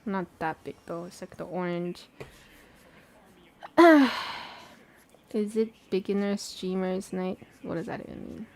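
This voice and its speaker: A woman's voice: fairly low pitch, slow pace, long pauses, a little mellow. A woman hosting a live-stream watch party, chatting casually and answering viewer questions aloud. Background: faint background music.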